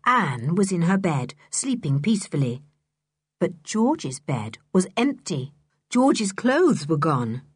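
A woman narrating a children's audiobook in an expressive, animated reading style. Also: on the low side, slow pace, breathy edge, dry recording. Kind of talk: storybook narration.

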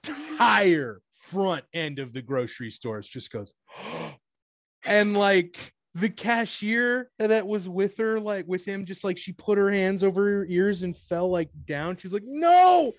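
A man's voice: unhurried, few pauses, no echo. Chatty young man telling cashier stories. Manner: rambling, many "like" fillers and self-corrections; acts out quotes with jumps in pitch and laughs. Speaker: podcast guest telling work stories; retail cashier. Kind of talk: casual storytelling chat.

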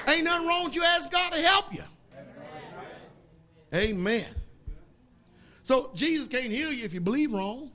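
A man preaching a sermon in a folksy, emphatic way, drawing call-and-response from the congregation and rising to loud outbursts. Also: very high-pitched, expressive, a little slow, long pauses.

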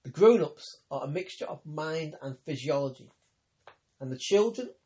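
A man voicing a grave, ironic young woman healer, speaking calmly and teasingly in an audiobook reading. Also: on the high side, normal speed, natural voice. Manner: calm, teasing, persuasive.

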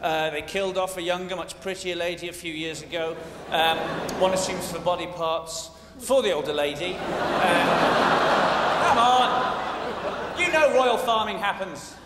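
A British man performing a stand-up comedy routine in a large theatre, quick and mock-indignant, breaking into shouted impressions. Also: high voice. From Britain. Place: large theatre stage before a live audience. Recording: roomy, echoing hall with loud audience noise.

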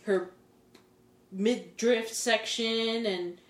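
A woman's voice: a little high, extremely slow, roomy sound. A woman co-hosting a podcast, talking casually and indignantly, acting out what other people say. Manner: indignant, animated quoting of others. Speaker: podcast co-host. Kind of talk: casual chat.

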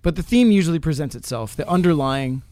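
A man co-hosting a casual faith podcast, speaking passionately and slowing down to stress his points. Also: fairly high pitch, lively intonation, warm tone, dry recording. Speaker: podcast co-host.

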